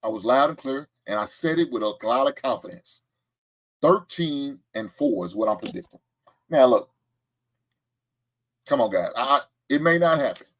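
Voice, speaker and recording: Boastful, lively-voiced man talking sports. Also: medium pitch, moderate pace, pauses often. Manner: boastful, animated, trash-talking with laughs and chat replies. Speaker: show host. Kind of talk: casual live-stream sports talk.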